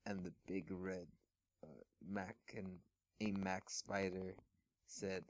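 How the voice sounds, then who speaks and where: A man reads fan fiction aloud in a casual, amused way, chuckling and stumbling over his words. His voice is low and his pace very slow. The sound is dry and close, as from a mic at home. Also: level tone, dry recording.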